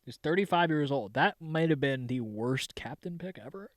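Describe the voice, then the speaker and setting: Young man, podcast co-host, slightly high voice, dry close sound, laid-back and profane. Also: lively intonation, moderate pace, no room sound. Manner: loose and profane, laughs often. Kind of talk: casual sports chat.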